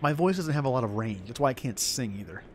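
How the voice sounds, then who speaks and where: A man's voice: medium pitch, lively intonation, fast talker, slight background noise. Rambling self-deprecating male game streamer. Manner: rambling, self-deprecating chatter over gameplay. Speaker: gaming streamer. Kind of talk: casual let's-play commentary.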